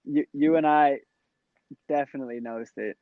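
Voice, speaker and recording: A man's voice: medium pitch, steady tone, normal speed, dry recording, narrow, tinny audio. A man appearing as a guest on a podcast, chatting in a laid-back way. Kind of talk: casual chat.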